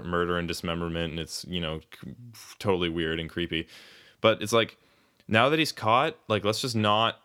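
A man's voice: low voice, sharp tone, smooth. A man co-hosting a podcast in casual chat, rambling, swearing often and laughing mid-sentence. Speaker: podcast co-host.

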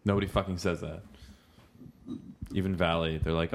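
A man's voice: sits low, level tone, moderate pace, long pauses, a little hiss or hum. A young man, tipsy from wine, joking and swearing his way through a rambling casual chat.

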